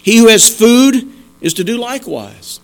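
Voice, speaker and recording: High-voiced man preaching a sermon. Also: lively intonation, a little slow. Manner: earnest, emphatic preaching with repeated rhetorical questions. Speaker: pastor.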